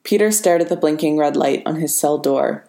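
A woman narrating a story as an audiobook, steady and measured. Her voice sits very low, and the reading sounds like it was taken in a roomy, echoing space. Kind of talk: audiobook narration of fan fiction. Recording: roomy reverberant room.

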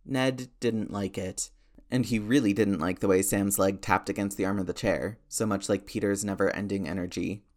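A man narrating a story aloud in a steady storytelling manner. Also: on the low side, moderate pace. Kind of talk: audiobook narration of fan fiction.

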